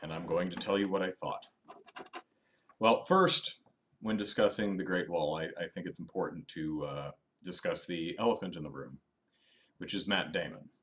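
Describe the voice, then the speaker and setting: A man's voice: deep voice, moderate pace. A man casually hosting a live movie review, talking in a wry, self-deprecating, rambling way with bursts of animation. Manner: frequent restarts and fillers, animated bursts.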